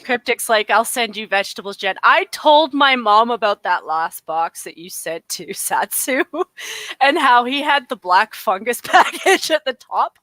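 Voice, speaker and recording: A woman's voice: on the high side, lively intonation, measured pace, sharp tone, no echo. A woman from northern Alberta with a Canadian accent, co-hosting a casual podcast chat, rambling and often laughing mid-sentence.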